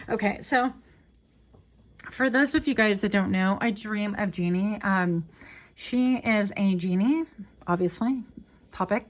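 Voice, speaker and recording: A chatty woman running a casual tarot reading for her viewers. She talks in a lively, playful way, drifting into little asides and jokes as she goes, with a voice that sits in the middle of the usual range. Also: mid-range voice, moderate pace. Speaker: tarot reader. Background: small dog noises.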